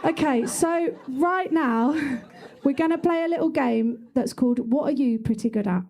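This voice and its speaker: A woman's voice: high voice, a little slow, a little mellow. A young woman doing musical stand-up comedy, chatty and self-mocking, speaking into a handheld wireless mic in a small club. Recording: live room recording with music and crowd.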